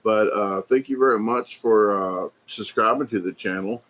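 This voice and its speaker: A man's voice: on the low side, moderate pace, a bit bright. Chatty rambling man hosting a livestream. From United States. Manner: rambling and chatty, many fillers and restarts. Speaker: livestream host. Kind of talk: casual livestream chat reading viewer comments. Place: indoors at a hobby shop.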